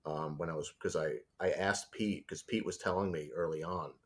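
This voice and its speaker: A man speaking as a storyboard artist guest in a casual interview, telling stories in an animated way and acting out voices. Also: a bass voice, normal speed.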